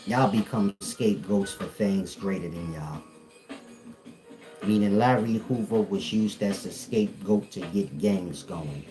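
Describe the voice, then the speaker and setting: Casting: low-voiced man with an AAVE accent, a blunt, profane teacher who jokes as he lectures, faint music behind. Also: measured pace, mellow. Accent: African American Vernacular English. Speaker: spiritual teacher.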